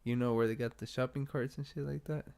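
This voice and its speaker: A man's voice: mid-range voice, steady tone, fast talker, creaky, a little mellow, smooth. A man co-hosting a casual podcast in a laid-back, joking way, swearing freely. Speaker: podcast co-host. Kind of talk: casual chat.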